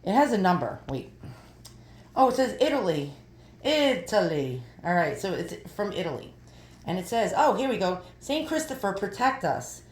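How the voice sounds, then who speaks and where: A woman's voice: mid-range voice, very animated, normal speed. Chatty woman in her fifties, echoey room. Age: 50s. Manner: thinks aloud while squinting at small items. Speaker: vlogger showing an online haul. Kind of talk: casual chatty haul video.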